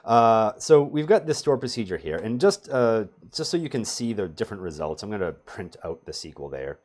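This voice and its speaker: Man, low voice, middle-aged, database trainer, sardonic jokes, casual tutorial talk. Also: sing-song, brisk, a little mellow. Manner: sardonic, self-mocking humor. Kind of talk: screen-share tech tutorial.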